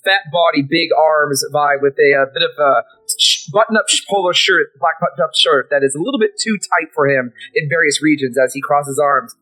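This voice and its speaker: Bright-voiced casual game master. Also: male voice, a little high, brisk, rough recording. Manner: vivid, casual, swears freely. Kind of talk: narrating a tabletop role-playing game.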